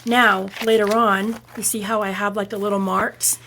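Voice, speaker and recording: A woman talks at normal speed in a level, sharp, mid-range voice, with a little hiss or hum present. She hosts a casual craft demonstration, narrating her steps in a chatty, enthusiastic way.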